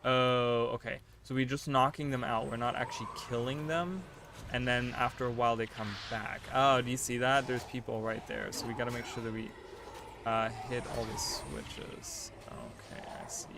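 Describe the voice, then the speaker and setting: A man's voice: medium pitch, steady tone, normal speed, vocal fry, noisy background. A man streaming a game live, chatting to his viewers in a casual, easily flustered and exasperated way. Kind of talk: casual livestream chat while gaming.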